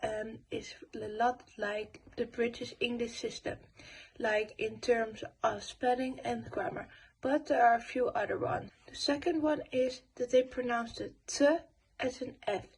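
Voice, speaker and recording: A young woman giving a school presentation voice-over, reading her notes with pauses and fillers. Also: on the high side, fairly even intonation, a little mellow, slight background noise, poor audio. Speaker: student presenter.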